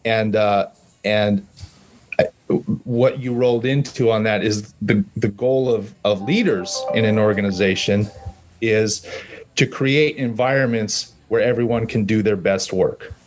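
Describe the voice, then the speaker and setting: A man hosts a casual podcast conversation and sets up a question for his guest. He talks in a halting way, restarting and rephrasing, with a somewhat low voice. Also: fairly even intonation, soft background music. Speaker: podcast host. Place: virtual coffee shop call.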